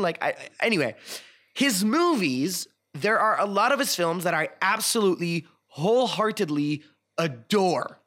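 A man hosting a casual film discussion podcast, frank and opinionated, pausing often with fillers and restarts. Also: high-pitched, lively intonation, fairly bright tone. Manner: hesitant, many fillers and restarts. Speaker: podcast host.

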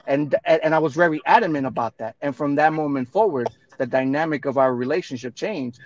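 This man's voice is a little high and a little fast, captured with dull audio and no room sound. As a podcast co-host in a casual chat, he tells personal stories in a blunt, emphatic style, swearing freely.

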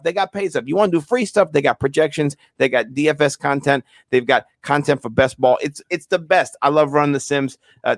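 A man co-hosting a casual fantasy football podcast, rambling and excitable, repeating words and plugging sponsors. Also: fairly high pitch, no echo, studio quality. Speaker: podcast co-host. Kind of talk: casual sports podcast chat.

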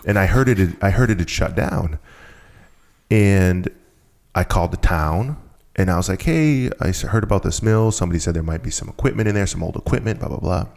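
A man with a very deep, gravelly voice tells a story as a guest in a relaxed conversation. He talks with energy and often restarts or repeats his phrases as he goes. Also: brisk. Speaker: guest telling a business story.

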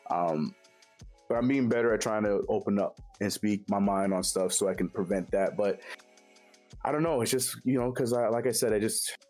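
A man's voice: fairly low pitch, darkish tone. A man in a casual chat, speaking openly and reflectively about himself. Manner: open, self-reflective, quotes others in quick bursts. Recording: faint music behind.

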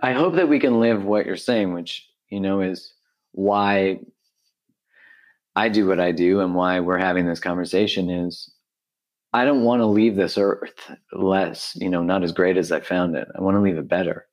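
A man hosting a podcast, talking in a soft-spoken, searching, reflective way. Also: deep voice, moderate pace. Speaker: podcast host. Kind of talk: reflective conversation.

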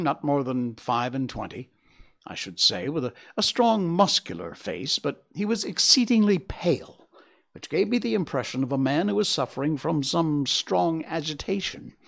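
A male narrator reading a classic story aloud in a measured, dramatic way. His voice has a gravelly grain and swings widely in pitch to color each scene. He sits at a middle pitch for a man.

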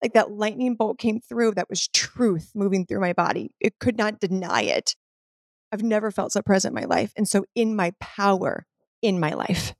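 A woman shares a personal spiritual story as a podcast guest, earnest and peppered with "like". Her voice carries a gravelly, creaky edge, and the sound is dry with no room around it. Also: mid-range voice, animated, normal speed, no echo. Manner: earnest, spiritual, filler-heavy with frequent "like".

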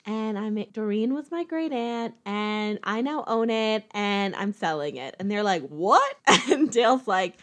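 A woman's voice: medium pitch, expressive. Chatty woman recapping a film. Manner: chatty, quick asides, acts out quotes. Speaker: movie recapper. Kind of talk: casual plot recap.

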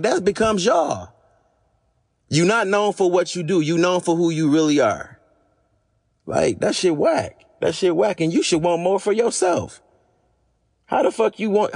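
A podcast host with a hoarse, fading voice, delivering a blunt, profane, exasperated monologue. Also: male voice, sits high, expressive, normal speed. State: losing his voice.

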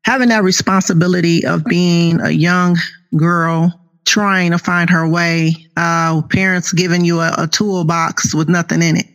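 Woman in her fifties, author guest, gravelly tone, earnest testimony. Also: on the low side, steady tone. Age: 50s. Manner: slow, earnest, faith-filled storytelling. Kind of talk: personal testimony interview.

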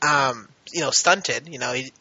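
A man co-hosting a podcast, chatting casually and getting animated when he retells scenes. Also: medium pitch, unhurried, no room sound, muffled recording. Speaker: podcast co-host.

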